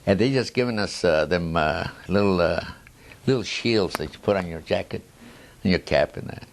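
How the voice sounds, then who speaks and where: A man's voice: sits low, moderate pace, a little hiss or hum. A man in his nineties telling war stories in a rambling oral history, chuckling at his own tales and restarting his sentences. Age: 90s. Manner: frequent restarts and trailing asides.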